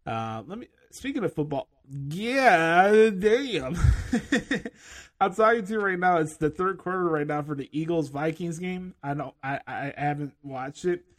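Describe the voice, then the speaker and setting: Sarcastic high-voiced male podcast host. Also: expressive, normal speed, few pauses. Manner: sarcastic, mocking. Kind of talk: casual opinion rant.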